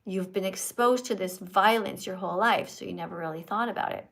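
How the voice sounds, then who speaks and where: A woman's voice: mid-range voice, fairly quick, gravelly, a bit bright. A woman hosting a livestream, lecturing her viewers in an emphatic, preachy, teacherly way. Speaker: livestream host and vegan activist.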